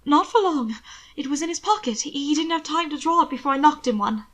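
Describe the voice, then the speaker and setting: A woman voicing a calm, defiant young man who speaks firmly and reassuringly. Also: sits high, brisk, pitched above the performer's own voice. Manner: placid, firm and reassuring.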